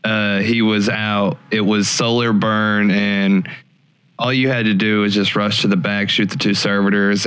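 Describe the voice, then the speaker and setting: A man in casual chat, relaxed and rambling, often searching for the right word. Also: fairly low pitch, smooth.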